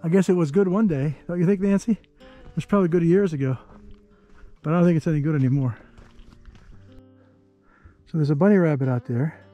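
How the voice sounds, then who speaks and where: A man narrating a hike to the camera on an outdoor canyon trail, easygoing and chatty, thinking aloud with pauses. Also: on the high side, warm tone, faint music behind. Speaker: travel vlogger.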